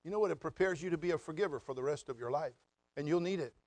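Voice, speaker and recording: High-voiced, folksy preaching man. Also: racing, no echo. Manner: folksy, animated preaching with mock voices and asides. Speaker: pastor. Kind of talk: sermon.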